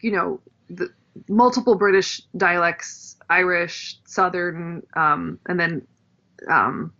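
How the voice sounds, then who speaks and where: A woman who is an actress and drama professor, chatting as a podcast guest in a bright, sharp voice. She reacts quickly and warmly to the conversation, and the recording sounds a little dull and lo-fi. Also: fairly low pitch, fairly even intonation. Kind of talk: casual chat.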